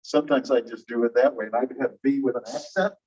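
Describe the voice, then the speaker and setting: A man's voice: mid-range voice, steady tone, a little mellow, slightly rough. Man lecturing from across a classroom. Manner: explains slowly and repeats key phrases, checking understanding. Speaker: linguistics instructor. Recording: muffled distant classroom recording.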